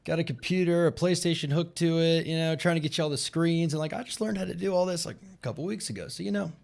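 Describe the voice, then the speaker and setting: A man's voice: on the high side, quick pace, creaky, darkish tone. A man in his thirties hosting a live Q&A, talking loosely and rambling with lots of fillers. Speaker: podcast host. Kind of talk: casual live Q&A chat.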